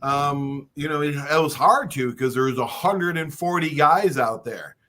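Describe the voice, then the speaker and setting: A man's voice: a little high, unhurried, sharp tone. A man hosting a casual group conversation, telling stories with frequent restarts and stammers. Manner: stammering, storytelling. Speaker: host.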